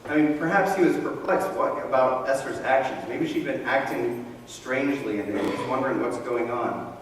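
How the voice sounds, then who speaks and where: A male pastor preaching a sermon, telling the story in a conversational, animated way with casual asides. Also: mid-range voice, moderate pace. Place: church sanctuary. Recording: echoey hall, mic far from speaker, faint room noise.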